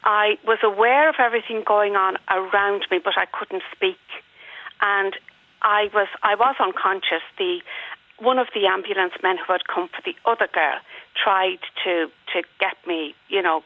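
A woman's voice: medium pitch, fairly even intonation, moderate pace, no room sound. Woman caller on a tinny phone line. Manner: earnest, plain storytelling. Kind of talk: recounting a personal story on a phone-in.

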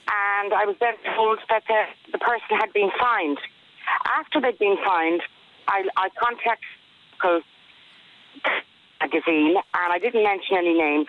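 A woman calling a radio phone-in, recounting events in a matter-of-fact, indignant way. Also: fairly low pitch. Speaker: caller. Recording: tinny phone line on radio.

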